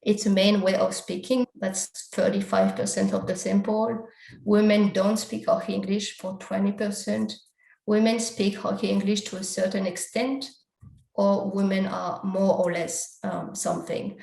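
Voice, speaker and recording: A woman's voice: mid-range voice, flat delivery, unhurried, creaky, a little mellow, reverberant, poor audio. A woman giving an academic conference talk, walking through slides and explaining survey results step by step. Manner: explanatory, steps through results with frequent quotes of survey questions.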